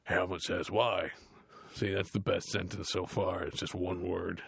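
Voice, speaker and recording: Nathan Explosion, gravelly metal frontman. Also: low-pitched, measured pace, no room sound, exaggerated voice. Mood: bored grumbling. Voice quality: gravelly, growly. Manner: deadpan, grumbling, dismissive. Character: dim, gruff heavy metal frontman, adult male, deadpan. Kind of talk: comedic audiobook reading.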